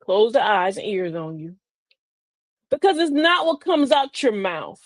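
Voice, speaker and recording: Woman, live talk host, folksy and preachy, swooping pitch, dry close sound. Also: big pitch swings, unhurried, no room sound. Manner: folksy and preachy, addresses listeners as beloved, laughs often. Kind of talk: live-stream talk with viewer shout-outs.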